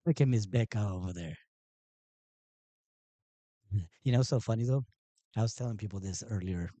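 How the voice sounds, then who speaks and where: A man hosts a live stream in a loose, rambling way, his voice low and mellow. He talks with a mocking, sarcastic edge. The sound is dry and close. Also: normal speed, dry recording. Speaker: livestream host. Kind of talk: casual live-stream commentary.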